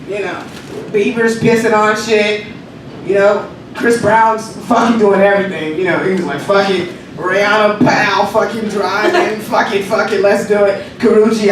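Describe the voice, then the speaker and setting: A man rehearsing a stand-up comedy set, telling profane stories with lots of energy and laughing at his own jokes. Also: sits high. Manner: profane, animated storytelling. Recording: echoey room, mic far off, noisy.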